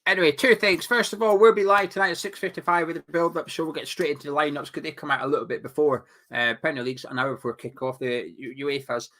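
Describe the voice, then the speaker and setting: A man co-hosting a casual football chat, jokey and brisk, plugging the channel between bits. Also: on the high side, fairly even intonation, pushed and bright. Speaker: co-host.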